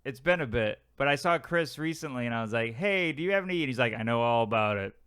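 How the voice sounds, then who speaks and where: A man co-hosting a comedy podcast, dropping quick jokes and laughing along. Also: mid-range voice, steady tone, a bit bright, clear, resonant tone, dry recording, clean studio sound. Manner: quick jokey interjections, laughs a lot. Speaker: podcast co-host. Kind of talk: casual comedic banter.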